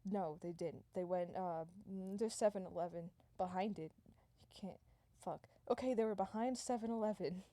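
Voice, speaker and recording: A woman's voice: mid-range voice, moderate pace, few pauses, mellow, no echo. A woman improvising a comic story, rambling, swearing and restarting her sentences as she goes.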